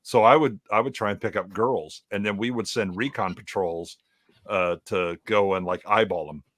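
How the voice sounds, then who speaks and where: A man's voice: lowish voice, moderate pace, fairly bright tone, dry recording. A man telling rambling, jokey stories in casual chat as a panelist on a live reaction stream. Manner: rambling storyteller, loose and jokey. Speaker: podcast panelist.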